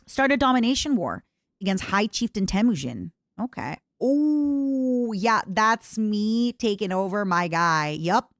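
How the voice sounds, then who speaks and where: A woman's voice: mid-range voice, a little slow, dry recording, studio quality. A young woman streamer giving casual commentary over a strategy game, reading its text aloud while eating. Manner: eats and talks with mouth full, reads game text aloud; lively, playful asides.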